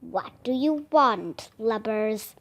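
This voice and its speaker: A woman voicing a gruff, greedy one-eyed pirate captain in a storybook read-aloud, growling slowly with menace. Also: a little high, expressive, pitched below the performer's own voice. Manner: growling, slow and drawn out.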